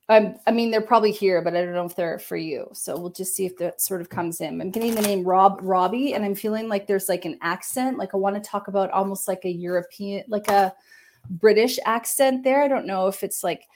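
A woman medium talks gently through a live-stream psychic reading. She wanders between thoughts and leans on fillers and hedges as she goes. Her voice sits at an ordinary middle pitch, recorded on a computer.

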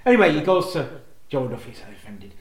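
Male podcast co-host, raised pitch, giggly storyteller, echoey recording. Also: big pitch swings, fairly quick, a little hiss or hum. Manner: chuckling storyteller, laughs through his own retellings. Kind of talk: casual chat recapping a sitcom episode.

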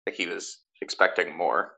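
A man narrating as game master for a tabletop game, halting often with fillers and restarts. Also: deep voice, creaky, bright, forceful tone, rough recording.

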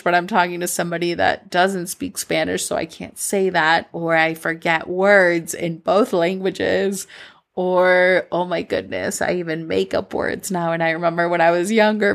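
A young woman hosts a solo podcast in a Midwestern American accent; she was born in Colombia and raised in Minnesota. Her voice is low and creaky with little pitch movement, delivered at a moderate pace. She talks candidly and reflectively, rambling, packing in "like" fillers and laughing at herself.

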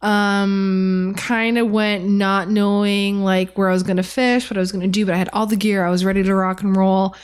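A young woman co-hosting a podcast, telling a story in casual chat, animated and laughing as she goes. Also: medium pitch, moderate pace, hardly any pauses, clear, resonant tone. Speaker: podcast co-host.

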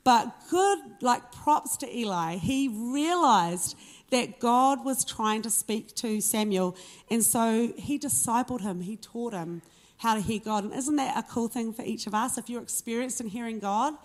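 Earnest woman preacher, conversational sermon. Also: on the high side. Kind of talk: sermon with scripture reading.

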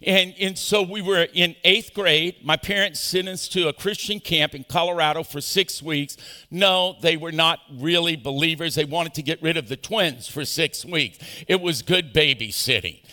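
A male pastor preaching an animated sermon, calling on the congregation to answer back. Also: fairly high pitch, moderate pace. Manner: animated preaching with call-and-response. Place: large church auditorium. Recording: echoey church hall.

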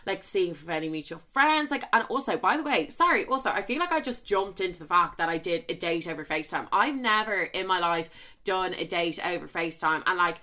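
A young Irish woman hosting a podcast, telling a story in a rambling, animated way full of swearing and asides, close on the mic. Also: lowish voice, brisk. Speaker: podcast host. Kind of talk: casual storytelling chat. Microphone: close studio mic with popping.

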